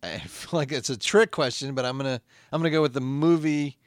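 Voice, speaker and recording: A man's voice: medium pitch, a little fast, clean tone, dry recording, studio quality. A man hosting an improvised comedy podcast, giggly and eager as he plays along. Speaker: podcast host.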